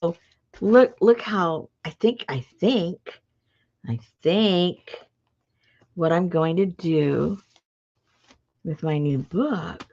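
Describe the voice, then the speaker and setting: A woman hosting a live craft stream, chatting with viewers in an excitable, talkative way. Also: lowish voice, very slow, pauses often. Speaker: craft channel host. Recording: dull lo-fi live-stream audio.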